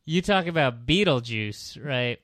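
A man in his thirties co-hosting a movie podcast, skeptical and wry, with quick asides. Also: mid-range voice, lively intonation, fairly bright tone, no echo, studio quality. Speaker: podcast co-host. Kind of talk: casual chat about movies.

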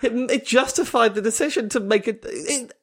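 A man's voice: extremely high pitch, moderate pace. A man, a comedian, telling a rambling, self-mocking story, full of fillers and laughing often at himself. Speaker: comedian guest. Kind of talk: casual anecdote telling.

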